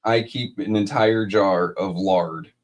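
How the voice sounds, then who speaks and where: A man's voice: deep voice, takes it slowly, slight background noise. A man co-hosting a casual live-stream chat, talking bluntly and swearing a lot. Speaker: co-host.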